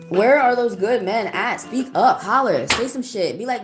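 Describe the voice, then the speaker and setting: A woman's voice: on the high side, expressive, unhurried, hardly any pauses, over music. A woman giving a live-stream tarot reading and answering viewers, talking bluntly and heatedly and swearing often. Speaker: tarot reader.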